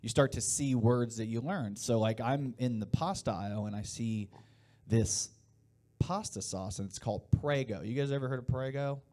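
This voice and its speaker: A man in his late thirties from Indiana works a live stand-up set in a loose, rambling way, chatting with the crowd and laughing at his own jokes. His voice sits at an ordinary middle pitch for a man, neither high nor low. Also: moderate pace, mellow. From Indiana, USA. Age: 30s. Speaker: stand-up comedian. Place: live comedy show before an audience.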